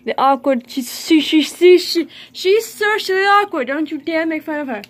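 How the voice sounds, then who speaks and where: A woman chatting casually in a vlog about her pet fish, excitable and playfully scolding them as she talks. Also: very high-pitched, normal speed.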